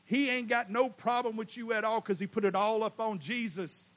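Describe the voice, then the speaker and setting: A man preaching a sermon as pastor, swinging between loud emphatic lines and quiet asides. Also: sits high, fairly even intonation, normal speed, highs cut off. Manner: folksy, casual Southern US speech.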